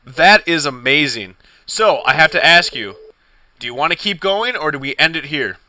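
A man co-hosting a podcast in casual chat, excitable and profane, laughing often and tripping over his words. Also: on the high side, moderate pace, dry recording, rough recording. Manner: excitable, profane, laughs a lot, stammers restarts. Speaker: podcast co-host.

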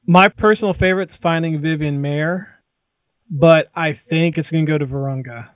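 A man's voice: fairly high pitch, dry recording, muffled recording. A man co-hosting a casual movie podcast, giving opinionated, profane awards predictions. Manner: opinionated, rapid, swears freely.

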